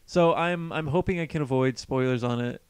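A man's voice: mid-range voice, normal speed, clear, resonant tone, no echo. A man co-hosting a casual podcast, rambling through stories, swearing freely and acting out quotes. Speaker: podcast co-host. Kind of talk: casual chat. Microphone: studio microphone.

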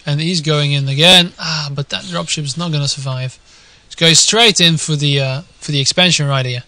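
Excitable Dutch-accented young male game caster. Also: a little high, normal speed, dry recording. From Netherlands. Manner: swings from quiet musing to shouting excitement. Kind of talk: excitable live game commentary.

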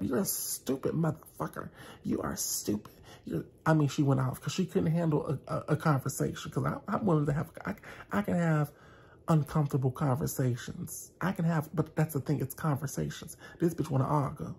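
A vlogger telling a dramatic storytime, acting out both sides and slowing down to stress key lines. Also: medium pitch, creaky, darkish tone, husky. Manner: dramatic retelling, slows down for emphasis, acts out both sides. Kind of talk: storytime vlog.

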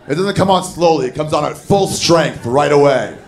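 A man doing a stand-up comedy set on a club stage, telling a story with animated, shouted put-on voices. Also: on the high side, normal speed. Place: comedy club stage before a live audience. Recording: live club recording with crowd. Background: audience laughter.

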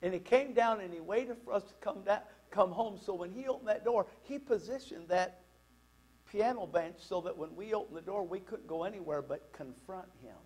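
A man preaching a sermon as a pastor, telling a personal story in an animated, conversational way. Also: high voice, normal speed, breathy edge, rough recording.

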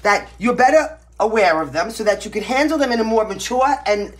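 A woman's voice: on the high side, expressive, fairly quick. A woman with a Brooklyn New York accent giving a casual tarot reading to the camera, blunt and emphatic, tagging her points with "right?" and "okay?". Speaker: tarot reader.

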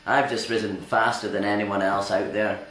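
A man's voice: fairly low pitch, level tone, moderate pace, fairly bright tone, natural voice. Guy doing a smug clueless comedian, full of himself, lots of ums, echoey room, faint hum. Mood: pompous. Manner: pompous and boastful, hesitant with fillers. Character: self-important deluded male stand-up comic. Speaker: interviewee in a sketch. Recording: echoey cave venue.

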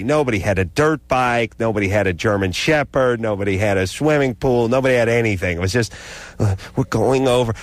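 A man on a talk radio show spins a sarcastic, ranting comic story into a studio microphone. His voice sits at an ordinary middle pitch, and the sound is dry and close with no room around it. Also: no echo. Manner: sarcastic, ranting, animated delivery.

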